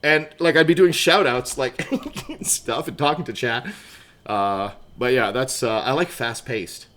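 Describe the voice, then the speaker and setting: A man's voice: medium pitch, measured pace, fairly bright tone. A man chatting casually on a game livestream, laughing often, greeting viewers by name, wired on coffee, with keyboard clicks behind. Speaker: livestream gamer.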